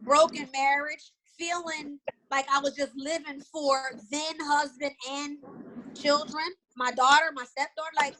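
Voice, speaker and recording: Brief: middle-aged woman, high pitch, bright tone, eager storyteller on a video call. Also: measured pace, poor audio. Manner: animated storytelling, repeats words. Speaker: guest. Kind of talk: casual video call chat.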